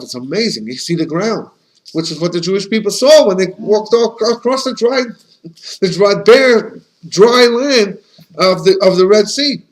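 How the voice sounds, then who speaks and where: Man, rabbi, relaxed conversational lesson, fairly high voice, anecdotal, restarts a lot. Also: poor audio. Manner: chatty and anecdotal, with frequent restarts; animated, with Yiddish and Hebrew terms. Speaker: rabbi teaching a class.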